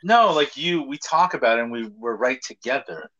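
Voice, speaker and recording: A man's voice: medium pitch, expressive, moderate pace, lo-fi sound, noisy background. A man in casual chat, telling stories animatedly, acting out quotes and swearing often.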